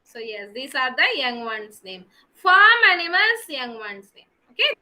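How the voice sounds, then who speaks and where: A kindergarten teacher, her voice very high and bright, patiently quizzing little ones by name. She speaks in a slow, encouraging classroom way during an online lesson. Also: sing-song. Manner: patient, questioning children by name.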